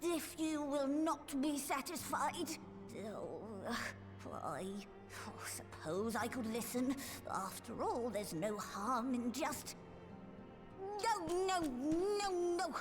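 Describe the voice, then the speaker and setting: A woman's voice: high-pitched, lively intonation, takes it slowly, music in the background. A woman voicing a reclusive, guilt-ridden magical creature in a game cutscene, with dramatic archaic speech. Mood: torn. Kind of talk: video game cutscene voice acting.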